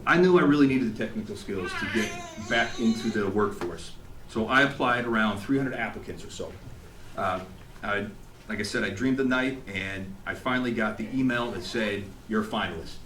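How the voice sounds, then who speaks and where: A man giving an emotional, animated storytelling speech to an audience at an event, acting out what people said. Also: fairly low pitch, normal speed, a little hiss or hum. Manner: animated, acts out quotes, laughs along. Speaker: graduating student giving a speech. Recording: echoey hall, faint ambience.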